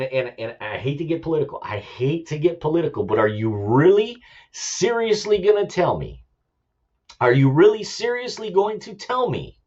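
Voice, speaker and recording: A man's voice: fairly high pitch, a little mellow, husky, muffled recording. A man hosting his own show, ranting about politics in an impassioned, repetitive way and swearing for emphasis. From United States. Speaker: show host, army veteran.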